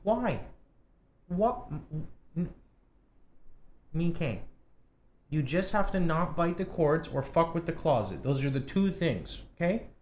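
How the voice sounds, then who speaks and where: A man streams a video game from his home setup, mixing offhand play commentary with playful, cursing scolding of his cat. His voice sits a little high and leaps around in pitch. There is a faint steady noise under the studio mic. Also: unhurried, pauses often. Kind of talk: casual gameplay commentary. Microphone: studio condenser mic.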